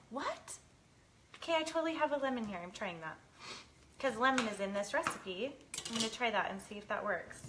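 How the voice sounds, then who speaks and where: Laughing often and teary from chopping onions, a woman in her thirties chats with viewers during her live cooking stream in her home kitchen, where she works as a lifestyle show host. Her fairly high voice has a sharp tone, with slight background noise.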